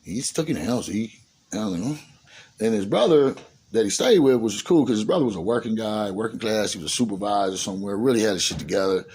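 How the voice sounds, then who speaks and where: A man's voice: on the low side, animated, fast, darkish tone, slightly rough. A middle-aged man telling a rambling, profane story in street slang, acting out what people said.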